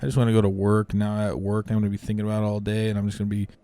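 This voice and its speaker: A man's voice: lowish voice, flat delivery, rapid-fire, mellow, no echo. A man co-hosting a comedy podcast, telling rambling, profane stories in casual chat and acting out the quotes. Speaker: podcast co-host.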